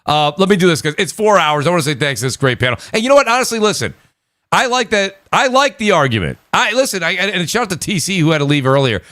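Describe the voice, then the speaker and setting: A man with a New York accent, hosting a casual gaming podcast panel and talking in an animated, chatty way. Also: sits high, fast, no echo. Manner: animated, talkative, slips into quoted voices. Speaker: podcast host.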